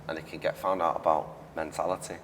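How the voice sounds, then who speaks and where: A man's voice: very deep voice, little pitch movement, fast talker, a little hiss or hum. A man hosting a casual interview podcast, earnest and repeating phrases for emphasis. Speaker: podcast host. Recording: echoey room, distant mic.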